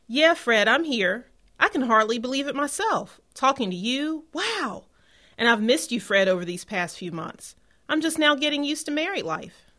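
A woman's voice: high-pitched, sing-song, bright, forceful tone, full character voice. A woman playing a nervous young wife who stammers and hesitates on a phone call, in a radio-style drama. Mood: nervous tender. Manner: anxious, halting, stammering.

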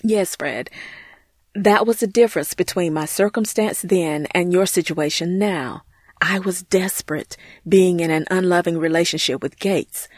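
A woman's voice: mid-range voice, no room sound, clean studio sound, lightly acted. A woman voicing an earnest, grateful churchgoing woman in an amateur audio drama, speaking heartfelt and sincere. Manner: heartfelt, earnest, often says his name.

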